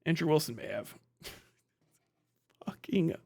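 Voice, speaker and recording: A man streaming casual commentary, swearing often and retelling a debate with quick quoted voices. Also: high voice, fairly bright tone.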